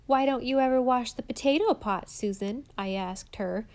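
A woman's voice: a little high, moderate pace, a little mellow, close to an everyday voice. A woman voicing a boastful schoolgirl who chatters in a gossipy, self-important way in a storybook reading.

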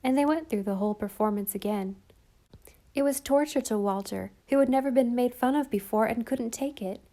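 A woman narrating a storybook in a calm, even way. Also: a little high, a little fast. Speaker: audiobook narrator.

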